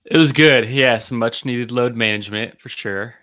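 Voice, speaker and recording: A man's voice: medium pitch, moderate pace, a bit bright. A man co-hosting a casual sports podcast, enthusiastic and analytical, often repeating words as he thinks. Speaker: podcast co-host.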